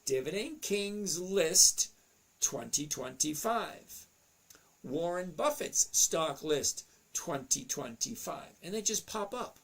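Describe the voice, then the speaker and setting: A man's voice: a little high, animated, slow pace, a bit bright. A man hosting a casual livestream, chatty, reading out viewers' names and questions and muttering to himself as he looks over charts. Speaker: livestream host answering chat.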